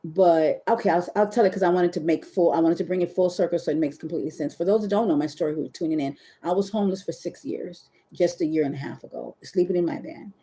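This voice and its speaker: Give me a woman with a low, warm voice talking candidly and rambling on a livestream. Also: quick pace, few pauses. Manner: rambling, candid, addresses viewers as y'all; emotional, near tears at times. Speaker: webcam model hosting a livestream. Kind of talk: casual confessional livestream talk. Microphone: phone or webcam on a live stream.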